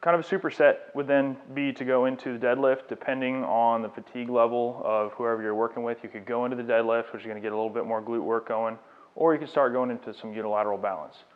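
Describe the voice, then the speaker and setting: A fast-talking man with a medium pitch and steady tone coaches a client through exercises as a fitness trainer giving a live demonstration lecture. He encourages and explains throughout, and the fitness studio recording has a tinny, phone-like sound.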